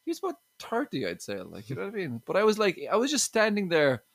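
A man's voice: high voice, huge pitch swings, fast talker, creaky, dry recording. An Irish man from Limerick, a stand-up comedian as a podcast guest, talking casually with lots of restarts and 'you know what I mean'. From Limerick, Ireland.

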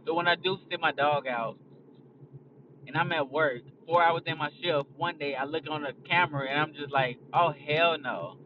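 Young male host, casual rambling chat, somewhat higher voice, off-mic and muffled with road noise. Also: steady tone, normal speed, distant mic. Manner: blunt, profane, rambling. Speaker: podcast host. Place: in a car on a highway.

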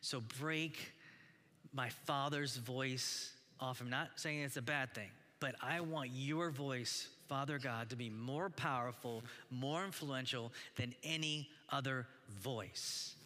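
A man's voice: medium pitch, a little slow, hardly any pauses, pushed and bright. Earnest man preaching in a reverberant church. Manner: earnest, conversational, many restarts and rhetorical "right?". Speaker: pastor. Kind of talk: sermon. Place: church hall. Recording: long hall reverb.

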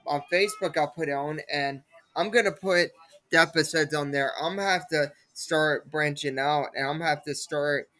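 A young adult woman talks alone on her own casual podcast, rambling and repeating herself with plenty of filler words. Her voice is low-pitched and fairly bright, at a normal speed.

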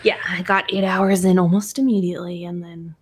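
A woman co-hosting a casual podcast, playful and quick to laugh and joke. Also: fairly low pitch, flat delivery, a little hiss or hum. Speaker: podcast co-host. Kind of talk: casual chat.

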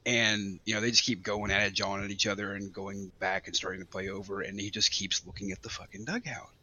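Bright, stammering male co-host. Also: fairly low pitch, little pitch movement, fast. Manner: stammering, heated, swears freely. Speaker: podcast co-host. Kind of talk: casual podcast chat.

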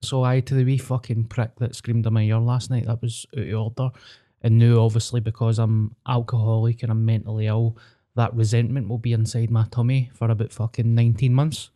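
A man's voice: medium pitch, flat delivery, a little fast, mellow. A young man with a Glasgow accent, co-hosting a podcast, telling sweary stories with self-mocking humour. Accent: Scottish, Glasgow. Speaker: podcast co-host. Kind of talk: casual chat.

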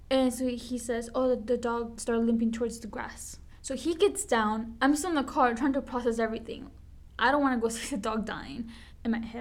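Podcast co-host, young woman, animated storyteller, fairly high voice. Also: fairly quick. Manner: animated storyteller, says "like" often. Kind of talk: casual chat.

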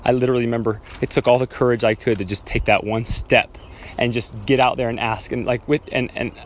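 A man's voice: fairly even intonation, brisk. A man talks through a personal story on his own podcast, wandering and correcting himself as he goes. The sound is slightly muffled, with faint traffic noise behind him. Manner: rambling, self-correcting, acts out childhood scenes with raised pitch. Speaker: podcast host. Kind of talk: reflective solo podcast storytelling.

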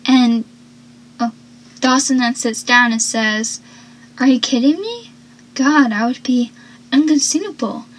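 A woman's voice: fairly high pitch, rough recording. A woman chatting casually as she recaps a TV show, rambling and acting out the characters' lines. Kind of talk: casual chat.

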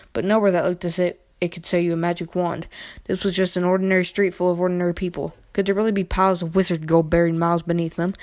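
A woman with a somewhat low voice reads a storybook aloud. Her pace is unhurried, and she now and then trips over a word and starts it again. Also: a little mellow. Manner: unhurried reading with occasional stumbles and restarts. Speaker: reader. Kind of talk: amateur audiobook reading.

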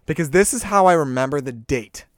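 A young man with a slightly higher voice tells a story in a dry, close recording. He is animated and swears freely, and he acts out the voices of the people he quotes in casual chat. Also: a little fast, dry recording.

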